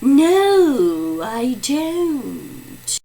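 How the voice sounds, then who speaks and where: A calm mystery guest who answers questions in short, plain replies, read by a woman. The delivery is slow and unhurried, and the pitch moves up and down in a lively way. It is a simple classroom reader's theatre role. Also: heavily acted.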